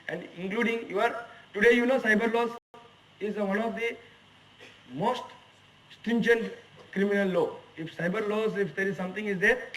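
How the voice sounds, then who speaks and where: Indian english man in his forties, high voice, emphatic lecturer, rhetorical questions, distant mic in a lecture hall. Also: a bit bright. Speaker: HR executive giving a guest lecture. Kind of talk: lecture to students. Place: lecture hall at a management institute.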